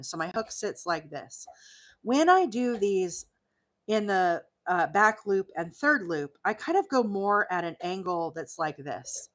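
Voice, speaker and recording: A woman's voice: mid-range voice, fairly bright tone. A woman from Alabama, hosting a live crochet demonstration, explaining stitches in a chatty way with many fillers, her voice tiring after hours on air. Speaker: crochet livestream host.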